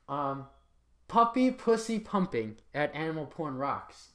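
Reading out a list of titles for laughs, an adult uses a mock-serious tone that repeatedly breaks into laughter, sometimes slipping into an announcer voice. The delivery is a little slow, medium-pitched and fairly bright, with big pitch swings.

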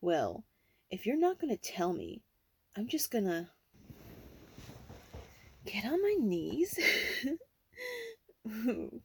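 A young woman in a whispered role-play, talking in a teasing, intimate, breathy way. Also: medium pitch, sing-song, slow pace, long pauses, warm tone, slight background noise.

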